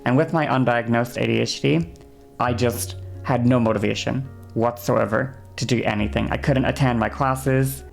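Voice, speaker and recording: Gravelly-voiced young woman ranting heatedly. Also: extremely low pitch, steady tone, normal speed, faint music behind. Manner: heated ranting storyteller, swears, keeps checking in with okay. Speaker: streamer. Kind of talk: casual stream chat.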